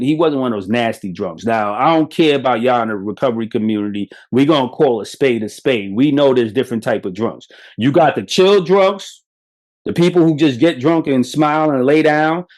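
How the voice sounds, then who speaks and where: Blunt, animated Brooklyn man. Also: mid-range voice. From Brooklyn, New York. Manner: blunt, profane, animated storytelling. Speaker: podcast host. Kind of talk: motivational monologue.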